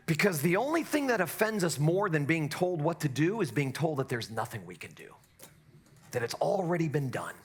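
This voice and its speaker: A middle-aged male pastor preaching a sermon in a church, swinging from quiet asides to loud, impassioned exhortation. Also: medium pitch, sing-song, normal speed, husky.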